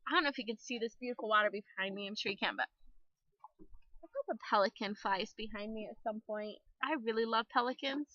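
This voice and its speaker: A woman's voice: a little high, brisk, no room sound, lo-fi sound. A young woman talking candidly to camera outdoors by the water, chatty, laughing often and cussing a little. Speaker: vlogger. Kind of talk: casual personal vlog to camera.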